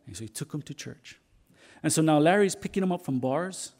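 A man preaching a storytelling sermon in a somewhat high, gravelly voice. He halts at times and repeats himself as he goes. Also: animated, a little mellow. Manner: halting, repeats and restarts words.

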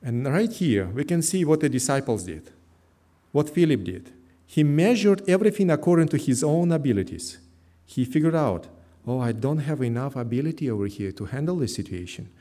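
Soft-toned preaching pastor, earnest and repetitive. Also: male voice, mid-range voice, expressive, normal speed. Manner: earnest preaching, repeating phrases, non-native grammar. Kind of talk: sermon. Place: church.

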